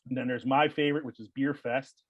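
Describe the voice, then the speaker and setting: A man hosting a podcast in a loose, chatty way, trailing off into "uh" and "like" and laughing as he goes. His voice sits at an ordinary pitch. It is recorded close and dry, with no room sound. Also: steady tone, fast, dry recording, muffled recording. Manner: rambling, laughs often, filler-heavy. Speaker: podcast host. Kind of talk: casual chat.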